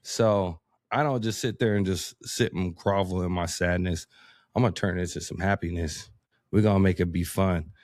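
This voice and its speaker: Animated, lower-voiced man telling stories. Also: normal speed, no echo, studio quality. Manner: animated storyteller, acts out quotes, laughs often. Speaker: podcast guest. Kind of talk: casual conversation.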